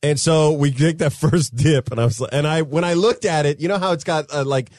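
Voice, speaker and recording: A man's voice: on the high side, brisk, darkish tone, dry recording, studio quality. A man co-hosting a podcast, telling a story in casual chat, laughing mid-sentence and acting out what people said. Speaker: podcast co-host.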